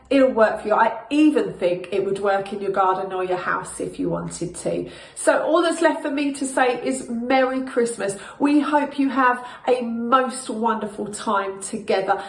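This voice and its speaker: A woman's voice: mid-range voice, roomy sound, low-quality recording. A woman hosting a church children's program, giving upbeat closing announcements and speaking directly to the kids. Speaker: children's ministry host.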